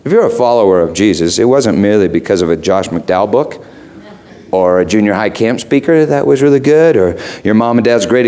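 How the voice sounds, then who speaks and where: A middle-aged pastor delivers a sermon with a lively, bouncing delivery. His pitch jumps around as he moves between hushed asides and excited emphasis, and his tone stays playful and conversational. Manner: animated, playful, swings from low asides to high excited emphasis.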